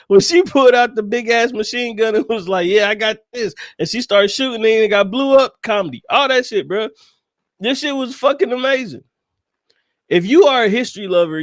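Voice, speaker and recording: A man's voice: high voice, no room sound, studio quality. A man co-hosting a podcast, talking animatedly and profanely about a movie and laughing often. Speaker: podcast co-host. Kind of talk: casual movie review chat.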